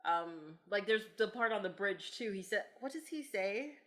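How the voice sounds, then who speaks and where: A woman's voice: medium pitch, animated, normal speed. A woman hosting a podcast, chatting casually about films, laughing often and quoting lines in mock voices. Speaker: podcast host. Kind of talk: casual film chat.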